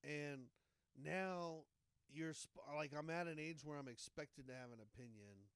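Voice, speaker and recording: A man's voice: on the high side, measured pace, fairly bright tone, smooth, no room sound. A young man co-hosting a comedy podcast, loosely coaching and rambling into a studio microphone. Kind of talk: casual comedic chat.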